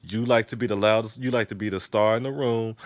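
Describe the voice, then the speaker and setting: A man giving a casual, profane recap of a TV episode, telling it with animated storytelling. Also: lowish voice, fast talker, no room sound. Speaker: TV episode reviewer.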